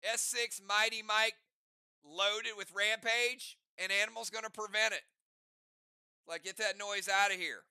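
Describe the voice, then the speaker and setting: Gravelly, bright-voiced male game host. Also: high-pitched, measured pace, dry recording, clean studio sound. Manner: energetic, teasing banter with players. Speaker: game host calling turns. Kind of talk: live game commentary.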